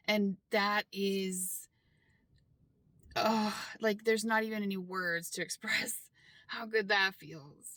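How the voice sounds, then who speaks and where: A woman's voice: mid-range voice, dry recording. Chatty woman vlogging from her van. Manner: chatty and open, with frequent laughs and quick asides; talks loudly at times. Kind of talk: casual vlog talk.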